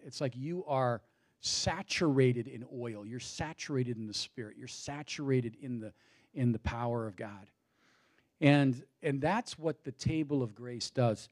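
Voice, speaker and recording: A man's voice: medium pitch, darkish tone. A man preaching a sermon, asking rhetorical questions and building his points with rising emphasis. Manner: out of breath at times. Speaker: pastor.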